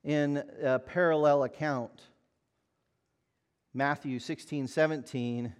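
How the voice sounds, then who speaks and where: Male pastor, sermon, measured unhurried delivery, earnest, emphatic rhetorical questions. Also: a little high, fairly even intonation, smooth.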